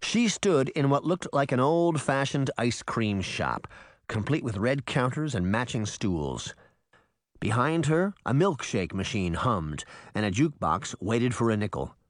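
Expressive male audiobook narrator. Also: mid-range voice, unhurried, no echo, clean studio sound. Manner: expressive storytelling. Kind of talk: scripted narration.

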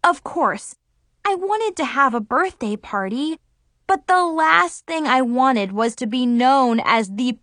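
Slow, expressive woman storyteller. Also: high voice, dry recording, studio quality. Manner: expressive, dramatic exclamations. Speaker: audiobook narrator. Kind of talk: first-person storybook narration.

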